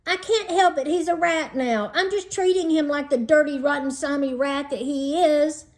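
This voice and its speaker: A woman's voice: moderate pace, natural voice. A woman doing a whiny, bratty older sister. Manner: whining, shrill protests.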